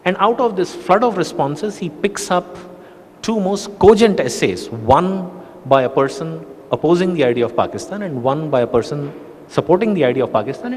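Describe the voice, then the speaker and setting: A man with an Indian accent explains his research in a measured, lecturing way. His voice sits fairly high for a man and rings out with a long hall reverb. A faint ambient hum runs underneath. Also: expressive, a little mellow. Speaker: book author presenting at a panel. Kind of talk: academic talk.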